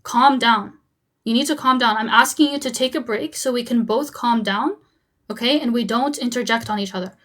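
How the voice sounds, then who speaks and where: A young woman with a fairly high voice hosts a live-streamed debate. She cuts across the other side with short repeated commands, then turns to speak frankly to her viewers. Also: a little fast, fairly bright tone. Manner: frank, talks straight to viewers. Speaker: host and debater.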